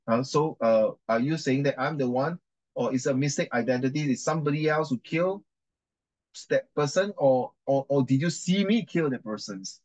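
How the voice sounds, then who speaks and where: A man's voice: medium pitch, moderate pace, darkish tone, low-quality recording. Chatty man teaching an English reading class. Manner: chatty, repeats and corrects himself, mixes in Chinese.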